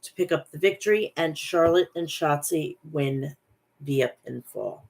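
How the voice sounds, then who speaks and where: A woman hosting a wrestling show, giving a brisk play-by-play recap and often correcting herself mid-word. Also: deep voice, vocal fry, darkish tone.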